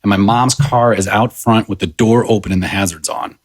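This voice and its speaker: A man in his thirties speaks as a podcast guest, his voice sitting a little low. He tells a personal story in a relaxed, halting way, circling back with fillers and restarts as he goes. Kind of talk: casual conversational storytelling.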